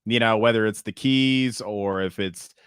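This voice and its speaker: A man's voice: on the low side, measured pace, a bit bright, smooth, dry recording, studio quality. A man co-hosting a podcast in casual chat, rambling and swearing freely. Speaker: podcast co-host.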